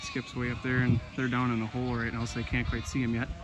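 A man's voice: mid-range voice, monotone, fast talker. A man farmer chatting casually while herding his flock outdoors, rambling and talking to his animals. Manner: folksy, rambling, talks to the animals. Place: outdoors on a farm hillside and woods. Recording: outdoor noise with sheep bleating. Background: sheep bleating.

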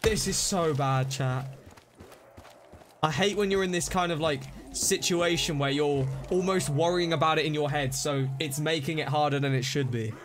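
A man streaming a zombie game live, reacting excitably, scolding himself and thanking donors. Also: fairly high pitch, moderate pace, noisy background. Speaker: livestreamer. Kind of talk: live gameplay commentary. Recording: music playing behind voice. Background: game music and gunfire.

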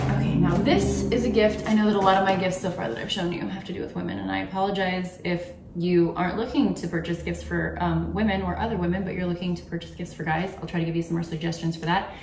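A woman's voice: fairly low pitch, a little mellow, distant mic, slight background noise. Young woman YouTuber, chatty gift-guide vlog, echoey room, faint background ambience. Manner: chatty, candid, with frequent ums. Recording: roomy echo, from off the mic.

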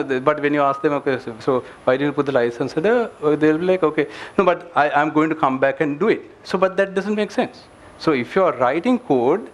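A man presents at a tech meetup in a voice pitched a little high for a man. He talks earnestly and gives advice, often pausing on fillers and restarting his phrases. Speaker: engineering director giving a meetup talk. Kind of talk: conference presentation. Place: meetup venue with an audience.

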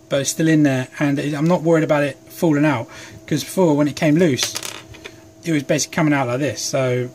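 Chatty man with a higher voice. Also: a little mellow, slight background noise. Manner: rambling, chatty, self-deprecating. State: sleep deprived. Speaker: hobby craft vlogger. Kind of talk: casual chat while working. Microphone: phone camera.

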